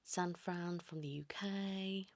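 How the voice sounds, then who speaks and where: A woman whispering softly into a close mic for an ASMR livestream, greeting viewers one by one. Her pace is very slow and unhurried, her voice sits a little low, and the sound is dry and intimate. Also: steady tone, no room sound. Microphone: close sensitive mic.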